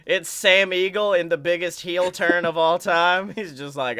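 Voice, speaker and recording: A man co-hosting a casual podcast chat, joking and energetic with quick asides, a little tired. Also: high voice, clean tone. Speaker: podcast co-host.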